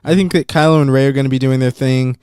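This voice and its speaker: A man's voice: mid-range voice, steady tone, quick pace, darkish tone, clear, resonant tone, dry recording, studio quality. A man hosting a podcast in casual chat, talkative and hesitant with many ums. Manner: chatty, hesitant with frequent ums. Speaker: podcast host.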